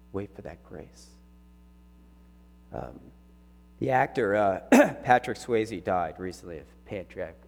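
Low-voiced man preaching in a hall. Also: creaky. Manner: earnest, halting, emotional. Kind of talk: personal sermon testimony. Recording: reverberant hall with faint hum.

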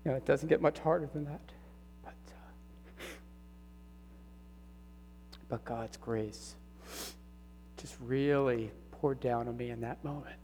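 A middle-aged man preaching a personal sermon testimony, earnest and halting, his voice catching with emotion. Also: medium pitch, steady tone, darkish tone. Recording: reverberant hall with faint hum.

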